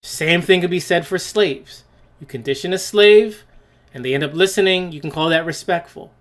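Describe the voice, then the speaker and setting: Speaking at a normal speed in a high voice, this man hosts his own opinion podcast alone. He's scornful and blunt, peppering listeners with rhetorical questions and starting his phrases over as he talks.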